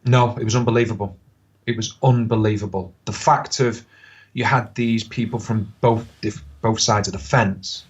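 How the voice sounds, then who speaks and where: A husky, lower-pitched man tells stories in relaxed podcast chat. He speeds up into quick bursts and laughs as he goes. The audio is a little dull and lo-fi. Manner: animated anecdotes, quick bursts, laughs often. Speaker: podcast guest, football pundit. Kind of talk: casual storytelling chat.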